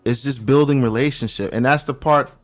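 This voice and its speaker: Animated New man telling stories. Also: medium pitch, brisk, soft background music. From Brooklyn, New York. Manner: animated storyteller, street slang, restarts a lot. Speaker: guest checking in from abroad. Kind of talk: casual podcast chat.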